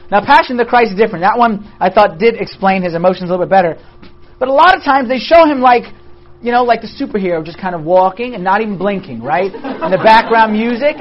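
A Bible study teacher leading a class in an animated way, asking and answering their own rhetorical questions and joking with the group. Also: medium pitch. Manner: jokes with the group. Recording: dull lo-fi recording.

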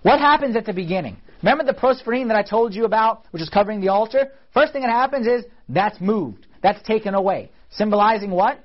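High-voiced man teaching a class. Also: expressive, quick pace, few pauses, dull audio. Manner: conversational, asks the class questions. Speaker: church teacher. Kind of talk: casual teaching talk on liturgy.

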